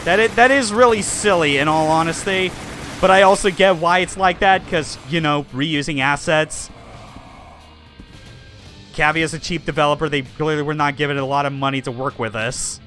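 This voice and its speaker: A young man streaming a video game, commenting loudly, swearing and laughing at what happens on screen. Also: on the high side, normal speed, soft background music. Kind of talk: live gameplay commentary.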